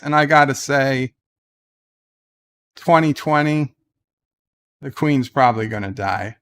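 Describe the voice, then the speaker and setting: A man's voice: medium pitch, fairly even intonation, takes it slowly, pauses often. A man hosting a casual livestream, reading viewer comments aloud and rambling on irreverently with plenty of fillers. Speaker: livestream host.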